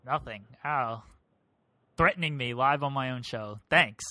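A man's voice: mid-range voice, unhurried, sharp tone, no echo. A man hosting a casual podcast, teasing and joking with his guests. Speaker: podcast host.

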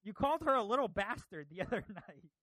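Laid-back man with a slightly high voice. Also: big pitch swings, a little fast, pushed and bright, no echo. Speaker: podcast host. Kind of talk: casual chat.

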